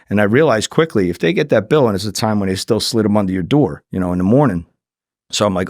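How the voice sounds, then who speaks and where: Guest, male, low-pitched, lively raconteur acting out quotes, dry close mic. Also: quick pace, no room sound. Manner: animated, acts out quoted voices, swears freely. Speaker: former undercover agent, guest. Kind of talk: casual storytelling.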